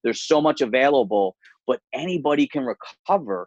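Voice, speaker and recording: Earnest, fast-talking man on a dull line. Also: mid-range voice, lively intonation, no echo. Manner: earnest and quick, repeats words as he talks. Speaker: guest, martial arts gym owner. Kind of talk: candid interview storytelling.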